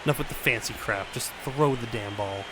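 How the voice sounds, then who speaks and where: A young man commenting on his own baseball video game play, venting frustration, swearing and swinging between loud outbursts and low mutters. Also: fairly quick, background noise. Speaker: gaming YouTuber.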